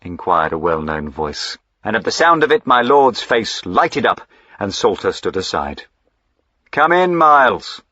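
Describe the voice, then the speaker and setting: A man with a very deep, husky voice reads the narration in an even, measured way. The sound is dry and close, with a dull, muffled tone. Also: no echo. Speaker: audiobook narrator. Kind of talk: scripted narration.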